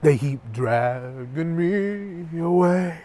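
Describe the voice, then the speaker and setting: A man's voice: a little high, lively intonation, very slow, warm tone. A man chatting casually to his viewers outdoors at night, rambling and joking, into a clip-on lavalier microphone. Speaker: vlogger. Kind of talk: casual chat to camera.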